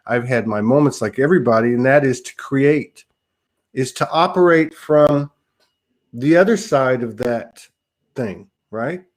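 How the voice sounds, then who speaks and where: A man's voice: medium pitch, unhurried. A man hosting a spiritual talk show, speaking in a reflective, casual way and now and then swearing lightly. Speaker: host.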